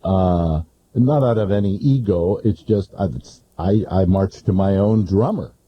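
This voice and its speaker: A man who is a radio talk show host, appearing as a guest and talking haltingly, often repeating his first words. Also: low voice, a little hiss or hum. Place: radio studio. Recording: muffled lo-fi radio broadcast.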